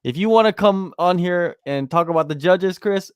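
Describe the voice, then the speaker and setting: A man's voice: high voice, normal speed, clean tone, no room sound, clean studio sound. Emphatic man co-hosting a fight podcast. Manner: animated, emphatic, restarts sentences. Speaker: podcast co-host. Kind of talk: casual chat.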